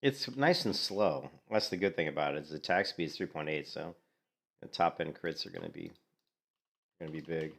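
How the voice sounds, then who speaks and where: A man's voice: rumbling low, flat delivery, brisk, vocal fry, long pauses, fairly bright tone. A man giving casual commentary while playing a game, a bit congested and thinking aloud. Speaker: game streamer.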